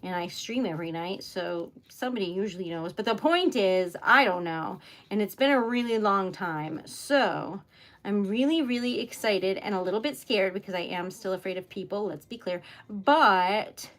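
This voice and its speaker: A woman's voice: medium pitch, expressive, moderate pace. A young adult woman chatting casually on a craft livestream, giggly and talkative, often saying "y'all".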